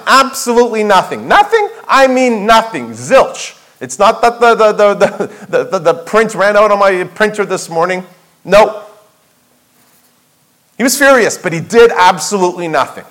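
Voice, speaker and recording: A man's voice: high voice, expressive, moderate pace, fairly bright tone, poor audio. A man preaching a sermon as pastor, emphatic, asking rhetorical questions and repeating key phrases for weight. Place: church sanctuary.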